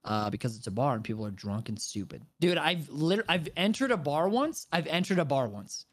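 Nasally dude on a podcast, bouncy pitch, keeps doing goofy voices. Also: male voice, animated, fairly quick. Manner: joking, mocking, doing silly voices. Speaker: podcast co-host. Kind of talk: casual podcast chat.

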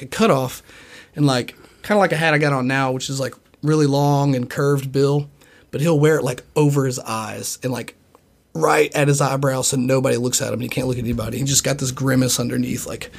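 A man's voice: mid-range voice, creaky. A young man in casual podcast chat, telling a long, profane, rambling story and acting out other people's lines. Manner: acts out other people's voices in quotes.

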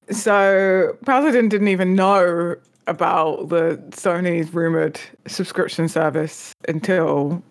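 A woman's voice: on the low side, gravelly. A woman hosting a live stream, chatting casually, laughing often and reading out comments from chat. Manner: giggly, relaxed, reads chat comments. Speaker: stream host.

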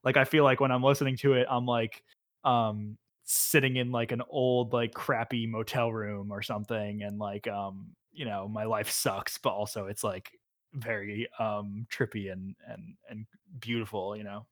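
A man's voice: lowish voice, flat delivery, moderate pace, a bit bright. A man co-hosting a casual podcast, rambling through his thoughts and laughing often. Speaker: podcast co-host reviewing albums. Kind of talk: casual chat.

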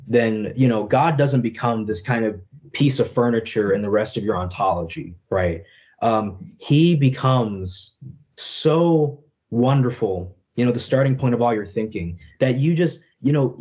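Earnest and thoughtful, a young adult Catholic apologist talks through a reflective interview, frequently adding "right?" and "you know." His mid-range voice is mellow, and the recording's highs are cut off.

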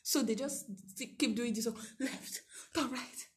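A young Nigerian woman with a Nigerian accent, co-hosting a casual chat with animated, laughing exclamations. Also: fairly high pitch, measured pace. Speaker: podcast co-host.

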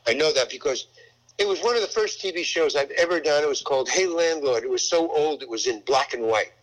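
A man's voice: fairly high pitch, expressive, brisk, poor audio. An older male actor and comedian telling a long rambling anecdote, acting out the voices of the people in it. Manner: rambling storyteller, acts out voices in quotes, many restarts.

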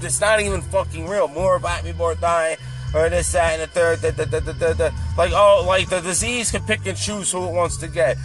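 A man's voice: on the high side, fairly even intonation, brisk, a bit bright. A man delivering a heated, profane political rant in a casual monologue. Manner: heated, profane, repetitive ranting. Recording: faint music behind.

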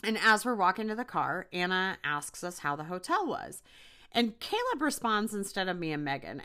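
A young woman hosting a podcast, telling a personal ghost story in a chatty way with many fillers. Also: mid-range voice. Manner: chatty, animated retelling with frequent fillers. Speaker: podcast host. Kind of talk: casual storytelling.

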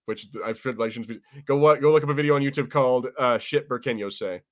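Guy on a podcast, talking loose and rambly, swears a lot, middle pitch. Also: fast talker. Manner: rambling, many fillers and restarts, swears freely. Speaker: podcast co-host. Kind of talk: casual chat reviewing a TV episode.

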